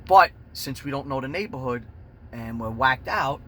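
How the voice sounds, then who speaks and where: A man's voice: medium pitch, moderate pace, a little hiss or hum. Profane New man telling a brawl story. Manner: animated, swears constantly, shouts out punches.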